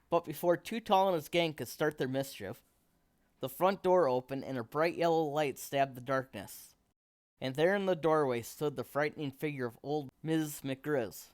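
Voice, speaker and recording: A man's voice: a little high, moderate pace, dry recording. Man reading a children's book aloud.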